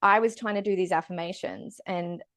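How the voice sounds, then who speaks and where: A woman guest on a podcast, telling stories in a fast, animated and emotive way with quick restarts. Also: medium pitch, no room sound. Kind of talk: casual conversational interview.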